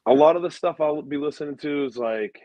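A man who is a guest musician, telling stories in a relaxed, casual way with lots of fillers. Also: a little high, brisk, dry recording. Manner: relaxed storyteller, many fillers. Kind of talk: casual chat.

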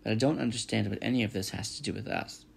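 A man doing a gruff old beaver. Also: lowish voice, quick pace, heavily acted. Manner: gruff, grumbling. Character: gruff, stubborn male beaver, grudgingly kind.

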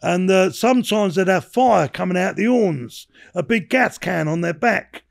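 An older man in his sixties talks as an interview guest with a high, gravelly voice. He rambles from story to story, swears freely and keeps adding "you know what I mean". It has the easy pace of a casual podcast chat. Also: moderate pace. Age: 60s. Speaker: podcast guest, former bare-knuckle boxer.

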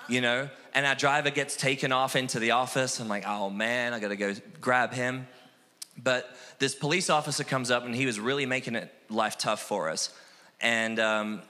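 Aussie guy telling lively stories, bright tense voice, big reverby hall. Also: medium pitch. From Australia. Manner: animated, acts out quoted voices, self-deprecating. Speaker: missionary guest. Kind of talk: casual storytelling interview.

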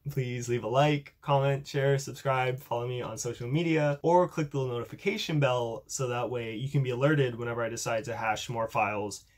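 A young man in a casual tech vlog, chatty and upbeat, showing off a coding project with a self-deprecating humor. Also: mid-range voice. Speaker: YouTuber demonstrating a coding project.

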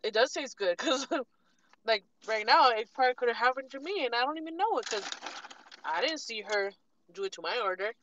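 Sassy, bright-voiced woman vlogger. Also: on the high side, moderate pace, muffled recording. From California. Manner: animated, sassy storytelling with acted-out quotes. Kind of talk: casual storytime while eating.

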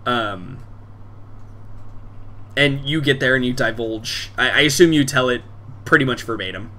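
A man's voice: medium pitch, unhurried, sharp tone. A man running a tabletop game as game master, talking in a casual, rambling way full of fillers.

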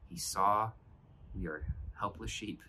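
A man's voice: lowish voice, slow pace, sharp tone, slight background noise, low-quality recording. A man pastor giving an earnest, reflective devotional sermon, often restarting his phrases.

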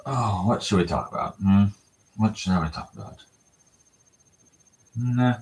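Hosting a puppy livestream from an indoor pen at home, a man explains puppy care in a loose, rambling way full of fillers and restarts. His voice is on the low side and darkish, at a measured pace, and the recording is low quality. He coos baby talk to the puppies.

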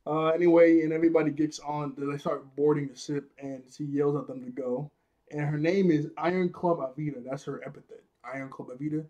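A man's voice: a little high, steady tone, a little fast, warm tone, lo-fi sound. A man casually recapping an anime episode, rambling and laughing often as he acts out characters' lines. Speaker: anime reviewer.

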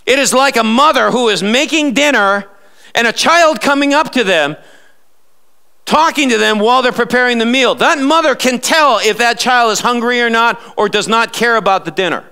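A man's voice: extremely high pitch, moderate pace, creaky, pushed and bright, smooth. A male pastor preaching a live sermon in church, emphatic and fond of sarcastic rhetorical questions.

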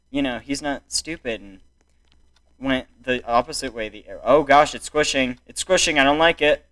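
A young man giving excitable, exclamatory commentary while playing a video game. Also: fairly high pitch. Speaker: gaming YouTuber. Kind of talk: gameplay commentary.

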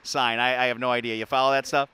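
A man's voice: mid-range voice, flat delivery, quick pace, bright, forceful tone, clear, resonant tone. A man hosting a sports show, giving joking play-by-play of a silly indoor game in an arena. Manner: playful, chatty, laughs often.

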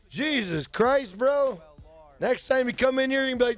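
A gaming streamer's very high voice comes across expressive and moderately paced in a dry recording, with faint music behind. He rambles, jokes and curses while live-streaming a game, reading his viewers' chat aloud.

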